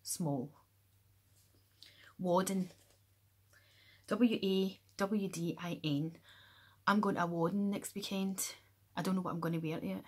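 Scottish woman, Glasgow-area accent, low and husky. Playful, soft-spoken slang explainer who drifts into whispers. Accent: West of Scotland (Glasgow area). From Scotland, near Glasgow. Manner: soft-spoken, slips into whispers, playful, spells words out slowly. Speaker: YouTuber. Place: room at home with the window open.

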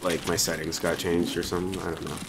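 A man's voice: deep voice, little pitch movement, fast, vocal fry. A man streaming a shooter game, chatting casually and hesitantly with lots of fillers. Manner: rambling, hesitant, filler-heavy. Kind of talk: casual gameplay chat. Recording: noisy with keyboard and mouse clicks. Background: keyboard typing and mouse clicks.

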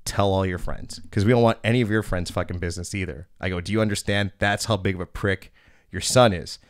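A man's voice: low-pitched, steady tone, quick pace, clear, resonant tone, no echo, clean studio sound. A man in his thirties hosting a podcast, telling a bouncer story in a blunt, profane, casual way.

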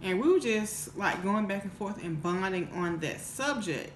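This mukbang vlogger has a mid-range, animated voice at a normal pace, recorded in an echoey room with a faint hiss or hum. She rambles through a casual storytime, restarting often and leaning on fillers, sounding emotional and earnest.

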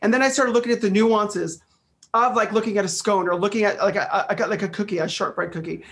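A middle-aged man chatting as an interview guest, animated and storytelling, often repeating phrases, heard over a video call. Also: sits high, fast. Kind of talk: casual interview chat.

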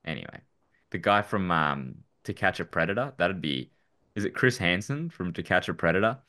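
A man co-hosts a casual political podcast, talking in a loose, rambling way with frequent restarts. His voice sits very low, with a bright and forceful edge. He often breaks into a chuckle as he talks. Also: animated, normal speed. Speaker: podcast co-host. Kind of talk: casual chat.

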